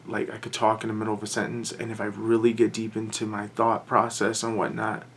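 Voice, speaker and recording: A man talking in a halting, anxious way in a confessional vlog, often restarting his sentences. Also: lowish voice, creaky, a little hiss or hum. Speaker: vlogger.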